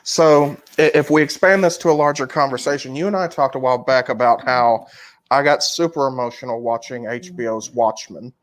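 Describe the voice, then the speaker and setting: A man's voice: medium pitch, fairly even intonation, fairly quick. A man co-hosting a podcast, recommending books and films in casual chat with an emphatic, profane manner. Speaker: podcast co-host.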